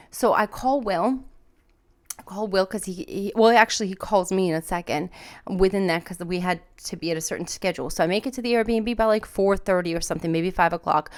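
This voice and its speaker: Smooth-voiced woman telling a rambling story. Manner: animated, rambling, lots of fillers and restarts; acts out her own panicked voice in high pitch. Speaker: podcast host. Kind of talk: casual storytelling monologue.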